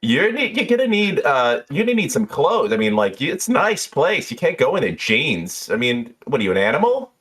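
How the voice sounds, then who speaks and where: Man doing a high shrill barmaid, gushing, flustered, lively chatter. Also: fairly quick, few pauses, breathy edge, heavily acted. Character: shrill frazzled woman bartender.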